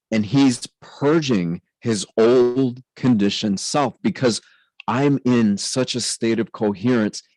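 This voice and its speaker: Man hosting his own channel, earnest testimony, low voice, dry close sound. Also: a little mellow, dry recording, poor audio. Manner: earnest, intense, speaks in spiritual terms. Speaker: spiritual channel host. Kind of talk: personal testimony monologue.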